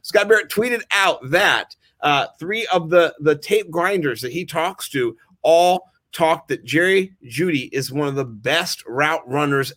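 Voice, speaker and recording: Male host, higher voice, dry close sound, rambling stammering storyteller. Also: a little slow, few pauses, a bit bright, no echo. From Maryland, United States. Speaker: podcast host. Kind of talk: casual sports chat.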